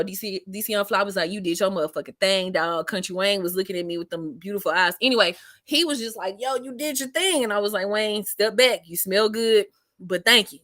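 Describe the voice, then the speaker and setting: A woman comedian telling stories in a casual interview, slangy and animated, acting out quotes with a lifted voice. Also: medium pitch, dry recording. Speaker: comedian guest.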